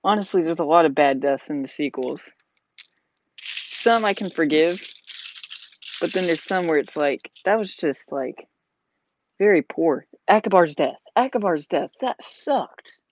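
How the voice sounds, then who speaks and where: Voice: mid-range voice, a little slow, long pauses, slight background noise. A vlogger chatting casually while building a model, rambling with lots of "like" and "you know.". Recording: dull lo-fi sound.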